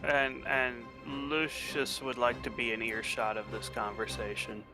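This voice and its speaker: A man's voice: medium pitch, unhurried, over music. A man playing in a tabletop game, chatting casually and laughing easily. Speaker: player.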